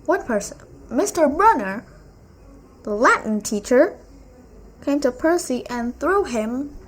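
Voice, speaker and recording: A woman's voice: sits high, lively intonation, takes it slowly, pauses often, background noise. A woman vlogger casually retelling a novel at home, chatty and rambling, with many asides. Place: room at home with a blue wall.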